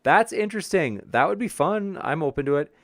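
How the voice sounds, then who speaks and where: A man's voice: a little high, lively intonation, brisk, a bit bright, no room sound. Friendly guy host thanking chat folks by name, dry close sound, trips on names. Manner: stumbles over viewer names. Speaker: debate show host reading live chat. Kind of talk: casual livestream chat.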